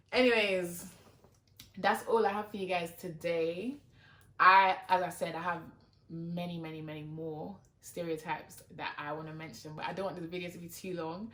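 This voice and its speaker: This young woman from London has a fairly low, fairly bright voice and chats loosely to camera as a YouTuber. Talkative and exasperated, she leans on "like" often, in a recording with a roomy echo.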